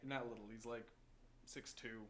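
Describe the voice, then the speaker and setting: A man's voice: medium pitch, fairly even intonation, moderate pace, a bit bright. Young man, podcast host, casual profane storytelling, faint noise. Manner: profane storytelling, swears freely. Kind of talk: casual chat.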